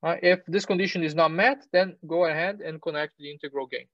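A male university lecturer explaining technical material, pausing with fillers, correcting himself and checking in with "right?". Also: on the high side, fairly bright tone, no echo. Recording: dull, lo-fi lecture recording.

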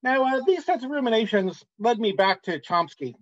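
A man's voice: very high-pitched, lively intonation. Man lecturing, dull lo-fi sound. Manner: measured, with frequent "uh" pauses. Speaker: academic lecturer. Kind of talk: academic conference talk.

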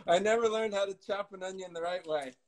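High-voiced joking man on a video call. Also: a little fast, low-quality recording. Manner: joking, self-mocking, loud when leaning in. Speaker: guest cook. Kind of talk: casual live cooking chat.

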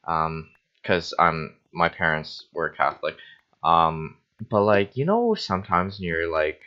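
A young man, tipsy from wine, chatters and swears through a casual gaming session. His voice sits a little low but bounces all over the place. The recording sounds dull and lo-fi. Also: lively intonation, unhurried. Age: young adult. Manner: rambling, self-mocking, swearing. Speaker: host. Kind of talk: casual Minecraft let's-play chatter.

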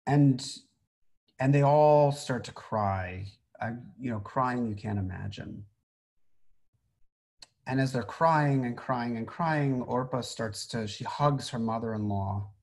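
A man's voice: mid-range voice, takes it slowly, pauses often, darkish tone. Chatty rabbi, man, teaching with many fillers. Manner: conversational, many fillers and restarts. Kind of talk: informal Torah teaching.

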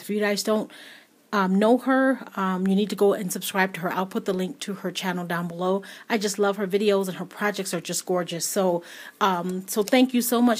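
A woman hosting a craft channel, chatting casually as she shows off a gift, gushing with many ums and repeated words. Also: mid-range voice. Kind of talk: casual unboxing chat.

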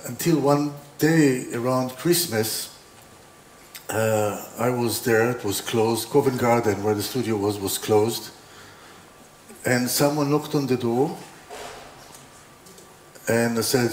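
In an exhibition hall's roomy space with faint ambience, a man gives an informal opening talk as a designer, telling rambling anecdotes with frequent restarts and dry humor. His voice is medium in pitch and slow, with a little hiss or hum.

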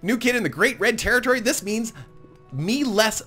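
A man's voice: very high voice, animated, normal speed, sharp tone, faint music behind, pitched above the performer's own voice, full character voice. A man voicing a bullying male goblin chieftain in a video game, talking in blustering, clipped, broken grammar. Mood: taunting.

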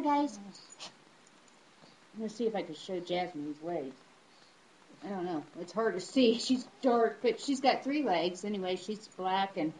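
Casting: woman, casual home vlog, chatty and loose, faint room noise, mid pitch. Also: a little mellow, rough recording. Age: adult. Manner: chatty, pitches up high to call her dogs. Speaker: dog owner vlogger. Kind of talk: casual home video chat. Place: home with pets.

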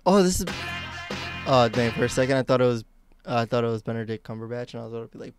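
A young man streaming live, reacting out loud in a slangy, excitable way. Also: medium pitch, fast talker, faint music behind.

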